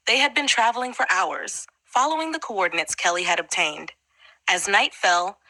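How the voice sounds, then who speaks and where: A woman reading a fantasy audiobook in a steady storytelling manner. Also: mid-range voice, dry recording, poor audio. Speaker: audiobook narrator. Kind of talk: scripted fantasy audiobook narration.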